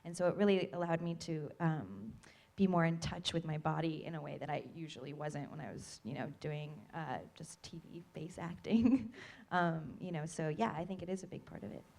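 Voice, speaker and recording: Chatty young woman actor, lowish voice. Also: vocal fry, darkish tone. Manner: chatty and giggly, quick to laugh. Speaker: actor on a panel. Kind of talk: casual panel Q&A answers.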